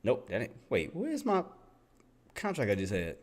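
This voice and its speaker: A man giving casual live commentary on his day trading, excitable and chatty, laughing with his chat and muttering to himself while he searches his screen. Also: medium pitch, normal speed, noisy background. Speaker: day trader streaming live.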